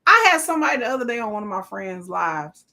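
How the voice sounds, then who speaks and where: On her relaxed live stream, a thirtyish woman rattles off animated, sassy stories with frequent laughs. She talks fast, her voice is mid-pitched, and vocal fry runs through it.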